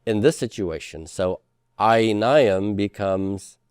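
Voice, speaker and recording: A man's voice: medium pitch, animated, measured pace, no room sound, studio quality. A man teaching a class in a lecture style, explaining step by step and often checking with the students. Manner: explanatory, asks checking questions, frequent fillers.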